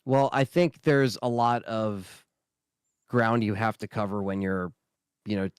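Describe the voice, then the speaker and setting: A man's voice: lowish voice, fairly even intonation, a little slow, smooth, no room sound, clean studio sound. A man co-hosting a casual gaming podcast, easygoing and hesitant, often restarting his sentences. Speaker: podcast co-host.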